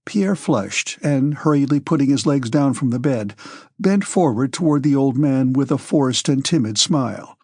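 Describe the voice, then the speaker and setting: A male audiobook narrator reads a classic novel in a measured, steady way. His voice has a breathy, husky edge and sits in a middle pitch. The recording is dry and close-miked. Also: dry recording.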